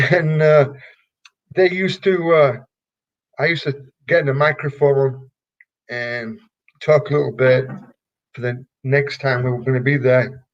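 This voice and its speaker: An older man from England, a former wrestler telling stories in an interview, halting and rambling with many fillers. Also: mid-range voice, steady tone. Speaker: retired pro wrestler, guest. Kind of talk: casual interview storytelling. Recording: dull lo-fi recording.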